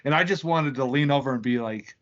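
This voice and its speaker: A man's voice: mid-range voice, a little fast, muffled recording. A man co-hosting a podcast, chatting casually and swearing as he reacts. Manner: profane, reacting with shocked laughs. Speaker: podcast co-host. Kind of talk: casual chat.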